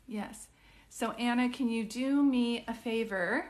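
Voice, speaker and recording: A woman doing psychic readings on a live stream, chatting with viewers in an excitable, rambling way. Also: on the high side, measured pace. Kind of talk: casual live-stream chat.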